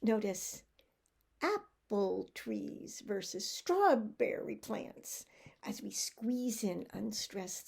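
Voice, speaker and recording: A middle-aged woman giving a recorded teacher-training presentation, speaking slowly and deliberately in a teacherly way. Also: mid-range voice, gravelly, dark tone, slightly rough. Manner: slow, deliberate teacherly delivery with acted drill examples.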